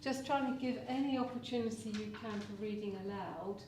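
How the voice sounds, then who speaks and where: A woman leading a teacher workshop at a conference, calmly giving practical step-by-step tasks to the audience. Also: mid-range voice, brisk. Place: large conference room. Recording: roomy distant recording with background noise.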